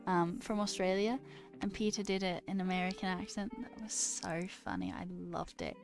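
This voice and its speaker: A woman's voice: lowish voice, lively intonation, moderate pace, hardly any pauses, soft background music. A woman streamer chatting casually with her viewers while coding, self-mocking and swearing freely.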